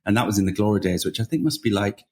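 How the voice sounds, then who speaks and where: A man's voice: lowish voice, rapid-fire, darkish tone, breathy edge. A man from Wakefield, co-hosting a podcast in jokey, self-mocking banter. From England, Wakefield. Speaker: podcast co-host. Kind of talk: casual chat.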